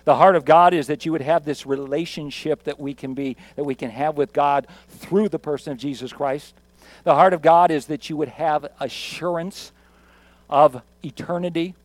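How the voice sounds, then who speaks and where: A male pastor delivers his sermon in an easygoing, joking way, doubling back on words for emphasis. His voice sits notably high. The sound is dry and close, with little room around it. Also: steady tone, normal speed, no echo. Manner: conversational, jokey, emphatic with repeats.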